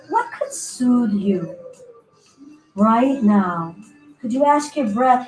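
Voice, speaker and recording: A fairly high-voiced woman leads a yoga class in an echoey room, soft music playing faintly behind her. She talks casually and playfully, cueing stretches and giving her breath and hips little voices of their own. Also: expressive, a little slow. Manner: playful, chatty, voices her body parts in little asides. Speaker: yoga teacher. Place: indoor room, virtual class.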